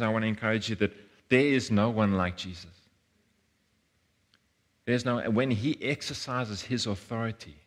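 A man's voice: on the low side, husky. A man, preaching a sermon in an earnest way, often repeating words and acting out voices. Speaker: pastor.

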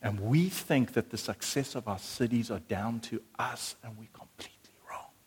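A man preaching a sermon, animated and lively at times, then hushed and earnest. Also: medium pitch, normal speed, slightly rough. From South Africa.

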